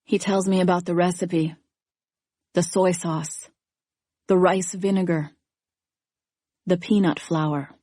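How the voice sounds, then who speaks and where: A woman narrating a first-person thriller audiobook in a measured, even storytelling manner. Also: fairly low pitch, dry recording, studio quality.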